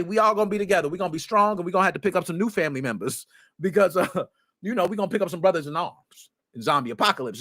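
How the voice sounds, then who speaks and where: A man hosting a casual livestream chat, animated and excitable, talking in slang and often breaking into shouts. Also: high-pitched. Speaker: streamer, podcast host.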